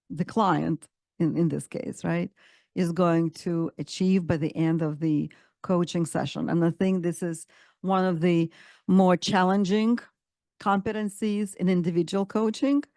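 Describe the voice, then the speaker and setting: A woman coaching instructor presenting a webinar with enthusiasm, often pausing with fillers and restarting phrases. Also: on the low side, a little mellow, no room sound.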